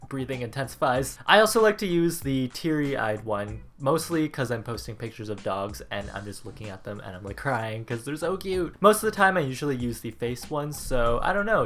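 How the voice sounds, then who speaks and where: A young Canadian man with a Canadian accent, chatting playfully on his vlog and answering viewer questions with puns. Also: medium pitch. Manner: animated, playful, punning. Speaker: vlogger.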